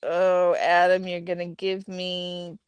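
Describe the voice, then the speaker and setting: Her voice is fairly low, clean and slow, with a completely flat delivery in a dry recording. She's a woman hosting a casual home livestream, reading viewer comments and chattily addressing chatters and her pets by name.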